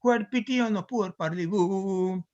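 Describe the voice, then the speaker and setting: A man reciting the lines of a boastful, uneducated old-time British sailor in a slow, half-sung lilt, on a dull lo-fi recording. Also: high-pitched, a little mellow, lightly acted.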